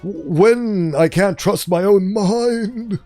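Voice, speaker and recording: A man reading aloud voices a weary, frightened male researcher, speaking in a halting, distressed way. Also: high-pitched, mellow, no room sound, soft background music, voice pushed up.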